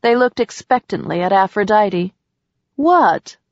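A woman reading an audiobook as narrator, in a measured way, in a slightly muffled recording. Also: medium pitch, no room sound. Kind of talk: scripted narration.

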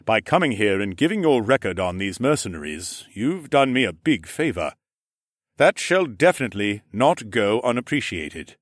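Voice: a man playing a shrewd, generous horned lord in a storybook reading. He talks in a lowish, lively voice, measured and commanding. The sound is dry and close. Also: dry recording. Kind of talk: audiobook character voice.

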